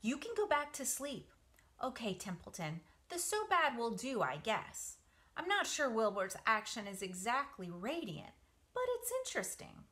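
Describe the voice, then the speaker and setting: Woman doing clever motherly spider, patient, storybook voice, bright, lively. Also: a little high, unhurried, full character voice. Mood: commanding.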